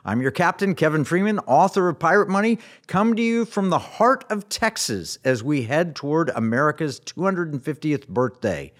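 A man's voice: fairly high pitch, very animated, normal speed, hardly any pauses. A middle-aged man hosting a radio talk show, with an emphatic, scripted delivery.

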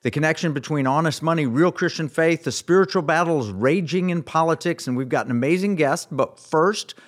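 A man's voice: a little high, a little fast. A middle-aged man hosting a radio talk show, with an emphatic, scripted delivery.

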